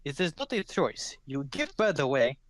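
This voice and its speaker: A man's voice: medium pitch, sing-song, moderate pace, slight background noise, close to an everyday voice. A man voicing a blunt, bossy Vistani woman who speaks in broken English. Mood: commanding.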